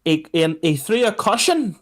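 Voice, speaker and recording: A man, co-hosting a podcast in casual chat and telling stories with sweary, animated retellings. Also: sits high, moderate pace. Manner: animated storyteller, swears, mimics shrieks. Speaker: podcast co-host.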